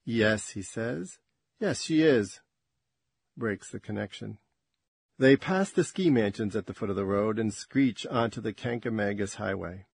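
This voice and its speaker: A man reading a story aloud in a measured, dramatic way. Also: on the low side, gravelly, a little mellow, slightly rough, dry recording. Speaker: narrator. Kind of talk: audiobook-style story narration.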